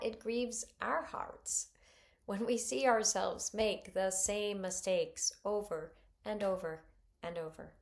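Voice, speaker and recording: A middle-aged woman reflecting on scripture in an earnest, expressive way. Her voice sits in a middle register with a gravelly fry at the ends of phrases. She leans into quoted voices with sudden lifts. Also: mid-range voice. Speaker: parishioner giving a reflection.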